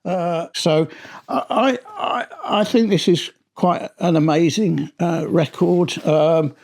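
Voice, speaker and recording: A man's voice: a little high, takes it slowly, vocal fry, darkish tone. A middle-aged man giving a casual, rambling spoken review of a vinyl album, often restarting his sentences. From Britain.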